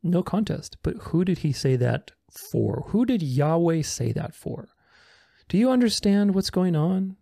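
A man with a gravelly, mellow voice pitched a little high argues his points in casual commentary. His delivery is sarcastic and combative. The recording is dry and close. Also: sing-song, measured pace, no echo. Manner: sarcastic, argumentative, reads comments aloud and rebuts them. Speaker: religious commentator responding to comments.

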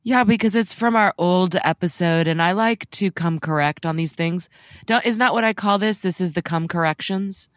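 A woman's voice: fairly low pitch, moderate pace, dry recording, clean studio sound. A woman co-hosting a podcast in casual chat, wry, teasing and self-deprecating. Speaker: podcast co-host.

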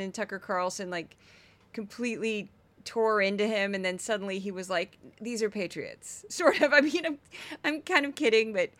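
A woman podcast host giving casual, animated commentary, laughing often and sometimes breaking into yelling. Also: mid-range voice, no echo.

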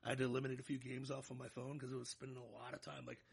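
Talking very fast, a podcast co-host in his thirties has a creaky, husky voice in the mid range. He's animated and easygoing, tossing out jokes and hyping himself.

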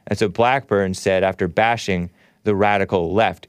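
A man's voice: on the low side, steady tone, unhurried, clean tone, no room sound, clean studio sound. Sarcastic male talk show host. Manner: sarcastic, mocking, reads headlines and scoffs. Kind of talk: call-in political talk show commentary. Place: studio.

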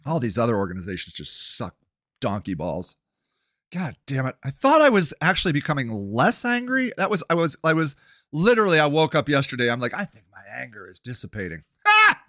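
A man's voice: on the high side, very animated, a little fast, fairly bright tone, no room sound, studio quality. A man ranting angrily about politics on a livestream, swearing constantly. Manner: angry, profane ranting. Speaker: political commentator. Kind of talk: livestreamed rant.

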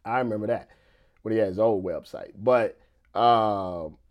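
A man's voice: fairly low pitch, takes it slowly, muffled recording. A man hosting a casual live stream, talking loosely with frequent restarts, filler asides and laughs between points.

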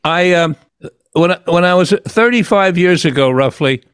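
An older man hosting an interview tells a long personal story, earnest and reflective, frequently stopping and restarting sentences. His voice is a little high, dry and close, with lively intonation at a moderate pace. The tone is clean and a bit bright, with no room sound.

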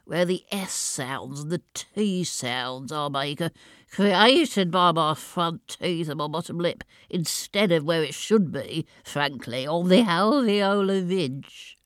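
A woman's voice: on the low side, expressive, no echo, clean studio sound. A woman putting on the voice of a portly, pompous older man, with a wet mouth, a lisp and audible breathing as she pontificates. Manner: pontificating, slow and thick-throated. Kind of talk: demonstrating a character voice.

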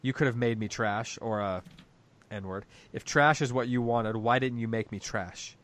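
A man's voice: mid-range voice, normal speed, a bit bright, close to an everyday voice. A man reading aloud the demanding, railing lines of a proud, bitter older farm woman from a story.

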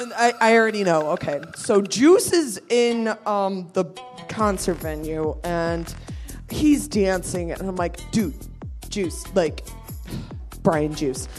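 A woman spins a chaotic anecdote on stage, cursing freely and jumping into her friends' voices. Her pitch sits in the middle of the range. Faint music plays behind her. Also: slow pace. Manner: profane, animated, acts out friends' voices. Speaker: storyteller guest. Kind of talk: live comedic storytelling. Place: live show venue.

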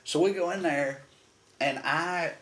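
A young American man, co-hosting a podcast, telling a story in a loud, cursing, animated way. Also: a little high, unhurried, roomy sound. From United States. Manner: profane, animated storyteller with a Southern drawl. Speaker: podcast co-host. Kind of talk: casual storytelling chat.

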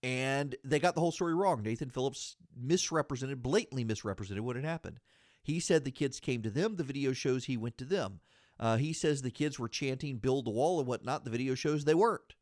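A man's voice: medium pitch, fairly quick, darkish tone, no echo, studio quality. A man hosting a podcast, giving solo political commentary in an indignant, argumentative way and repeating phrases for emphasis. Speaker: podcast host.

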